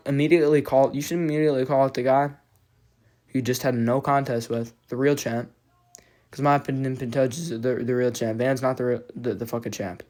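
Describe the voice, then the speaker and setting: A man's voice: medium pitch, steady tone, fast talker, darkish tone. A man giving a casual, profane fan reaction to fight results, rambling with many restarts and sounding agitated and frustrated. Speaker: MMA fan commentator.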